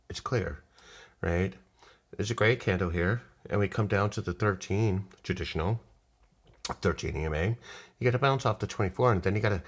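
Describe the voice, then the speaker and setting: A man casually walking viewers through a trading chart, rambling and swearing, acting out little voices as he goes. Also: sits low. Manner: profane, rambling, animated with put-on voices. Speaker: day trading streamer. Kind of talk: casual live chart walkthrough.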